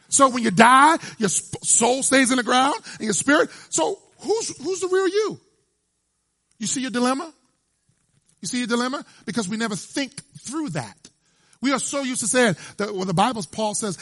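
A male preacher giving an emphatic, animated sermon and quizzing his congregation. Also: very high-pitched, slightly rough, no echo, clean studio sound.

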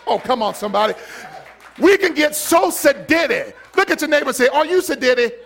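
Preacher, male, very high voice, fiery call-and-response delivery that rises into shouts. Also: very animated, brisk, creaky. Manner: acts out quoted voices and repeats words for emphasis. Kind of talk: live sermon.

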